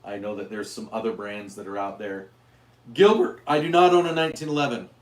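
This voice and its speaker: A hoarse man hosting a casual livestream about guns, rambling with restarts as he answers viewers' chat. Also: fairly low pitch, fairly quick, echoey room. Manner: rambling, with frequent restarts and fillers. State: hoarse, losing his voice. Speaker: gun channel host reading live chat.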